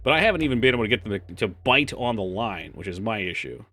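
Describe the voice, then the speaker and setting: Talking fast in a fairly low voice with no echo, this game streamer banters with his chat, curses without restraint, and now and then reads game text out flatly.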